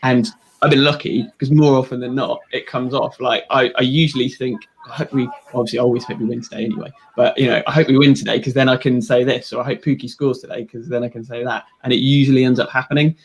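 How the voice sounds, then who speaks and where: A man's voice: mid-range voice, steady tone, fast, few pauses, husky, dull audio. A young man in casual chat about football stats, rambling a little and laughing at himself. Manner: rambling, self-deprecating, frequent restarts. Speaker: guest, runs a football stats account.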